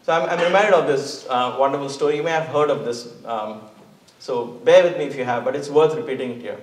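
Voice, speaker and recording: A man's voice: medium pitch, brisk, a little hiss or hum. A man giving an earnest, emphatic inspirational talk from a church stage, often repeating words. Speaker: guest speaker. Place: church hall. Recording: echoey hall, mic at a distance.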